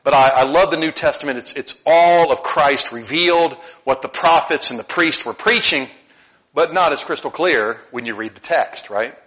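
A middle-aged male pastor preaching a conversational sermon, often repeating words and rising into animated bursts. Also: fairly high pitch, moderate pace, low-quality recording.

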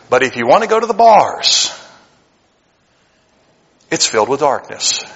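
A pastor preaching a sermon, animated and conversational, swinging between loud emphatic passages and hushed earnest asides. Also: male voice, very high-pitched, fairly quick, pauses often. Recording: long hall reverb.

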